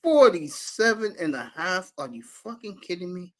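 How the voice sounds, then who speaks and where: A man's voice: high voice, very animated, moderate pace, a bit bright. Brash, profane man hosting sports talk. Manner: brash and profane, talking to chat viewers by name. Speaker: sports talk show host. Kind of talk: live-stream sports talk.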